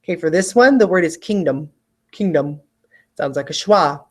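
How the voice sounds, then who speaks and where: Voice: mid-range voice, animated, normal speed. An adult spelling teacher giving a recorded video lesson, patiently repeating each word twice and checking in with students.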